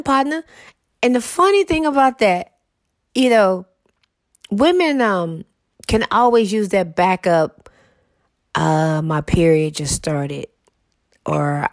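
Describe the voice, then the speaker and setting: A woman's voice: mid-range voice, no room sound. Blunt, profane woman with dry close sound. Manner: profane, blunt, sassy advice-giving. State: congested, mouth breathing. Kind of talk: casual storytelling monologue.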